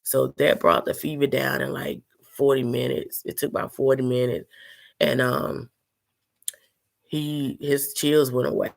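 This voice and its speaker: A woman's voice: a bass voice, flat delivery, unhurried, vocal fry. A sick woman telling a personal story to her viewers in an earnest, emotional, casual way. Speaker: vlogger.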